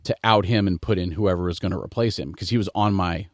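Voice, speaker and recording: Low-voiced American man hosting a podcast. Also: fast, no room sound, studio quality. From United States. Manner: relaxed, conversational, digressive. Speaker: podcast host. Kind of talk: casual podcast chat.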